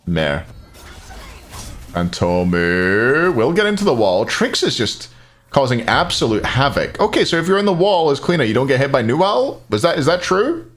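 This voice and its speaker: Lively Scottish esports caster. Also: male voice, mid-range voice, normal speed. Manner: chatty, joking with the chat between plays. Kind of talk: live esports commentary.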